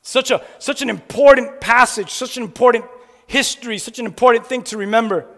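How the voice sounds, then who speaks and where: A man preaching a fiery sermon in a church, shouting his points and then dropping low. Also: a little fast. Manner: fiery, shouting preacher with sharp jabs and drops to a hush. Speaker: pastor. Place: church sanctuary. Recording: long echo of a large hall.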